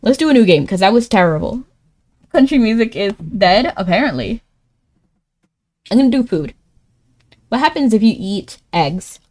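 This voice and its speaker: A woman streaming live in casual chat, thinking aloud as she plays a word game, laughing often and jumping up in pitch when excited. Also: normal speed, pauses often.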